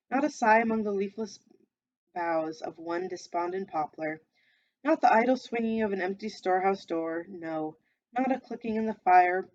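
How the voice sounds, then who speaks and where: A woman reading a classic novel aloud in an even, measured storytelling manner, stopping now and then to comment. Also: on the low side, lo-fi sound. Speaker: reader.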